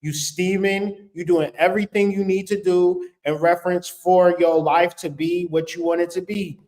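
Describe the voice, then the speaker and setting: Casting: high-voiced man, casual spiritual adviser, blunt, cursing and joking. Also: fairly even intonation, normal speed, a little mellow. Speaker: spiritual vlogger. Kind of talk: casual spiritual advice talk.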